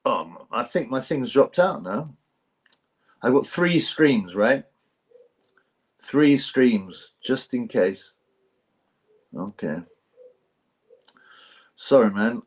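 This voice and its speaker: A man's voice: medium pitch, animated, very slow, long pauses. A man hosting a casual boxing live stream, reading viewer comments in a rambling, mocking way with bits of mimicry.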